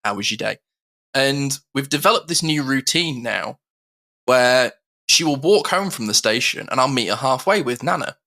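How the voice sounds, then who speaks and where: Man, podcast co-host, bright voice, heartfelt, rambling. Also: mid-range voice, lively intonation, moderate pace. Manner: heartfelt, rambling with many fillers. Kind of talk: casual podcast chat.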